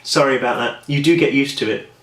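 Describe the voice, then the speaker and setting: A man's voice: medium pitch, fast talker, fairly bright tone. Chatty British man in an echoey room. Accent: British English. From England. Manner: chatty, self-deprecating, rambling. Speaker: author vlogging. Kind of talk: casual vlog chat and storytelling.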